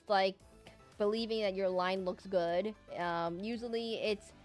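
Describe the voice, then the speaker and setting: Young female VTuber, casual self-deprecating streamer chatter, soft music under her. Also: medium pitch. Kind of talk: casual chat while drawing live.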